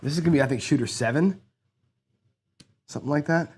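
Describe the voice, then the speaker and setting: A man's voice: a little high, brisk, husky. A man hosting a craps strategy session, talking viewers through each roll and payout in a casual, running commentary. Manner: talks to camera while rolling dice, counting payouts aloud; excitable bursts when a roll goes his way. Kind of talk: casual play-along commentary.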